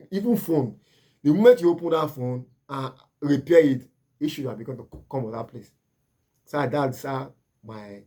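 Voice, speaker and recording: A man's voice: medium pitch, a little mellow. A man with a Nigerian accent, a laundry business owner giving earnest, repetitive advice to camera.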